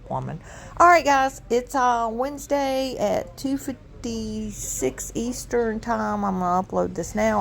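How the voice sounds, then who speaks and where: Woman, reaction youtuber, exasperated, sarcastic, talks in a middle pitch. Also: vocal fry. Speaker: commentary YouTuber. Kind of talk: reaction commentary.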